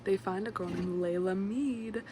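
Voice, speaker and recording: A woman's voice: mid-range voice, steady tone, a little slow. A young woman casually summarizing a book at home, rambling with lots of fillers and side comments. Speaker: book vlogger. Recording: noisy room with a fan running.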